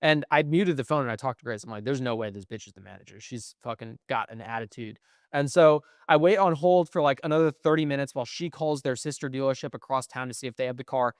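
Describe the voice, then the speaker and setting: A young man in casual podcast chat, telling a story with plenty of swearing and animation. His voice comes through smooth and resonant. The room sounds dead and dry around him. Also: medium pitch, quick pace, no echo. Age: young adult. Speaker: podcast co-host.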